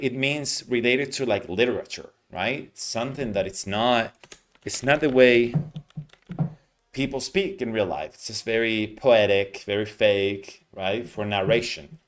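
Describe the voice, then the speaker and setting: A man teaching English pronunciation, explaining patiently and modeling words slowly with clear stress. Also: on the low side. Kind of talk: teaching lesson, explaining reading aloud.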